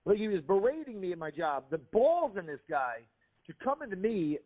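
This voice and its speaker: Guy telling a story over a tinny phone line on the radio, talks fast. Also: high-pitched. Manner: animated, quoting others in his story.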